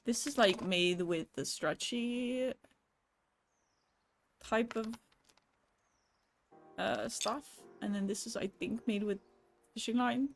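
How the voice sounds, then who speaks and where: A woman's voice: fairly high pitch, takes it slowly, pauses often, a little hiss or hum. A young adult woman streaming live, chatting casually with her viewers, swearing lightly and laughing as she goes. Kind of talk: casual livestream chat with viewers.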